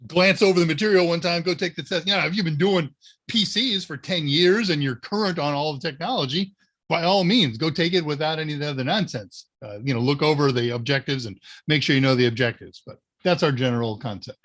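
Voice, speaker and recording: Male livestream host, casual and chatty, slightly higher voice. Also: brisk. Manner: relaxed, chatty, answers viewer questions. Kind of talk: casual live Q&A.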